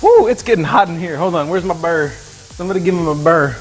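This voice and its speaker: A man's voice: on the high side, fairly quick. A man casually chatting while cooking in his home kitchen on a live stream, joking and calling out viewers by name. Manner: excitable, jokey, thanks viewers by name. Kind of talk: casual livestream chat.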